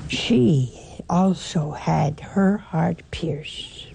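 A woman's voice: mid-range voice, animated, slow, gravelly, dark tone, slight background noise. An older woman preaching a sermon, emphatic, asking rhetorical questions and repeating her phrases.

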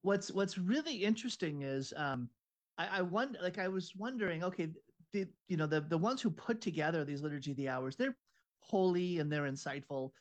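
An earnest man with a somewhat high voice talks things through, feeling his way and restarting his sentences as he goes. He sounds engaged and thoughtful. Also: lively intonation, a little fast. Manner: earnest, searching, restarts often. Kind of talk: casual conversation.

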